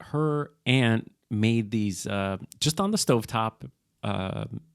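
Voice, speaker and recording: A man's voice: lowish voice, expressive, takes it slowly, creaky, clean tone. A middle-aged Puerto Rican man co-hosting a podcast, telling stories casually and laughing easily. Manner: laughs easily, teasing storyteller. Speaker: podcast co-host. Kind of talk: casual chat.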